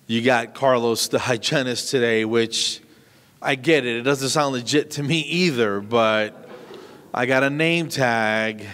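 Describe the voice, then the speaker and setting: A man's voice: mid-range voice, measured pace, fairly bright tone. Self-mocking man doing stand-up in a hall. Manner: self-deprecating, rambling with restarts, acts out voices. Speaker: stand-up comedian. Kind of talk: stand-up comedy set. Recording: long hall reverb.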